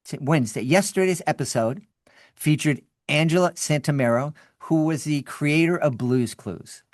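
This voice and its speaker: Animated storytelling man, dry close sound. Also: on the high side, no room sound. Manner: animated, restarts and repeats words. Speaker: podcast guest, children's podcast creator. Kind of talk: storytelling in an interview.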